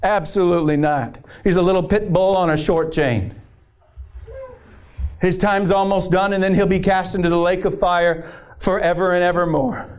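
A man's voice: high-pitched, steady tone, normal speed, clear, resonant tone. A middle-aged man preaching a fiery sermon, emphatic and fired up.

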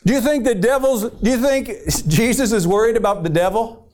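Fired-up high-voiced male preacher. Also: fairly quick, darkish tone. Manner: fired-up, emphatic, preaching with rising intensity. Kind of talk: fiery sermon.

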